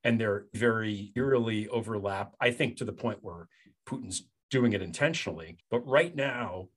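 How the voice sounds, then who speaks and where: A man's voice: lowish voice, moderate pace, slightly rough. A man speaking as a guest commentator in casual political chat, blunt, conversational and opinionated.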